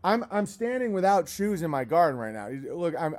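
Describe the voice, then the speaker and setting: A high-voiced man rants loudly into the mic, hammering each point home. His talk is blunt, full of swearing, and comes in fast bursts with long lists. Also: very animated. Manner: loud, profane, emphatic ranting. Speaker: host. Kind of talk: ranting livestream talk. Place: outdoors in his garden.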